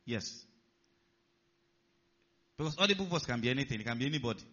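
A man preaching a sermon, animated and putting rhetorical questions to his listeners. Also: medium pitch, fairly quick, lo-fi sound.

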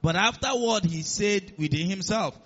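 Male preacher, high tenor, emphatic sermon delivery, dull lo-fi recording. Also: normal speed, fairly bright tone. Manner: emphatic, calls on the congregation to respond.

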